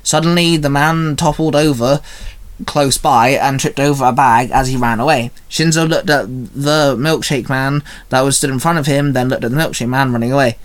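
Man, storyteller, casual fan-story reading, small slips, middling pitch. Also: fairly even intonation, moderate pace.

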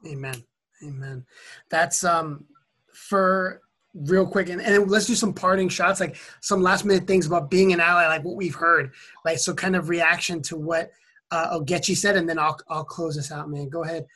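A podcast host steers a panel discussion in a loose, rambling way, leaning on fillers. The voice is very bright and forceful, with a husky, breathy texture, at an average pitch. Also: fairly even intonation, normal speed.

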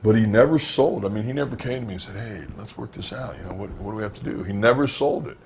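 A man's voice: lowish voice, fast talker, slight background noise. A man, a former pro wrestler, telling stories from his career in an interview and acting out the dialogue. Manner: animated storyteller who acts out quoted dialogue. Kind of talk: interview storytelling.

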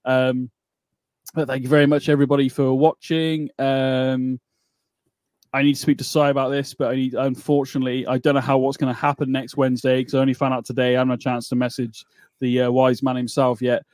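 A man hosting a wrestling podcast in relaxed casual chat, easygoing and quick to laugh along. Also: medium pitch, no echo, clean studio sound. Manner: easygoing, laughs often, says "mate". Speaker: podcast host.

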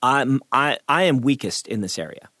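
A man's voice: medium pitch, lively intonation, moderate pace, pushed and bright, no room sound, clean studio sound. A man hosting a podcast discussion and leading it with questions, a writing teacher.

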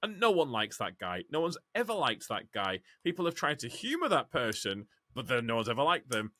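Animated man, swearing. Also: medium pitch, fairly quick, no room sound. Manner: animated, swears freely, acts out quotes. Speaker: podcast co-host, truck driver. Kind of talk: casual podcast chat.

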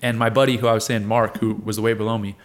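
A man's voice: on the low side, flat delivery, fast talker. Young guy telling a hype story, acts out the quotes, laughs a lot. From United States. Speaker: guest, wrestler and fighter. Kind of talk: casual storytelling interview.

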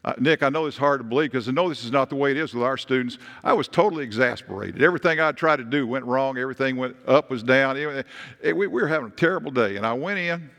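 A male pastor delivers a sermon in an animated way, mixing stories with emphatic points. His mid-pitched voice rings out with a long reverb that fills the church sanctuary. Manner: animated, with emphatic rises and storytelling asides.

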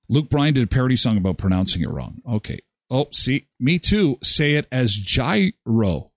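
A man's voice: medium pitch, no echo, clean studio sound. A man hosting a morning show, chatting casually and rambling with self-mocking asides. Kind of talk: casual live radio chat.

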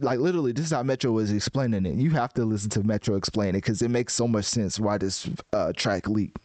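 A man giving casual music commentary in a rambling, animated way, often restarting his sentences. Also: fairly low pitch, fast talker, dry recording.

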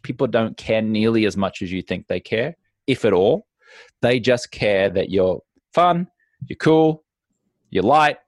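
A man talks in an animated, emphatic way, giving practical advice on staying sober at parties. He stresses his main points by repeating them. His voice sits in an ordinary middle pitch, and the recording is dry with no room sound. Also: dry recording. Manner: animated, acts out little scenes in other voices. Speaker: sobriety coach. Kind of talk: conversational podcast advice.

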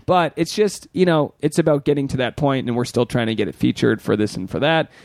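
A man in his thirties co-hosting a podcast, telling stories in casual chat and swinging his pitch when he quotes people. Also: brisk, darkish tone, no room sound, clean studio sound. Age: 30s. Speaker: podcast co-host. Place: podcast studio.

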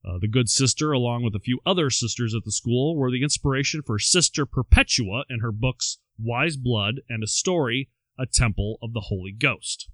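A man's voice: mid-range voice, moderate pace, a bit bright, dry recording. Brief: male podcast co-host, storytelling delivery, wry asides, dry close mic. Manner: reads quotes aloud with wry asides. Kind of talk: storytelling chat.

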